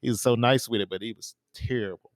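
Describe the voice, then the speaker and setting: A man's voice: mid-range voice, steady tone, quick pace, background noise. A man co-hosting a podcast, chatting casually and telling rambling stories with lots of fillers and restarts. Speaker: podcast co-host. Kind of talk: casual chat.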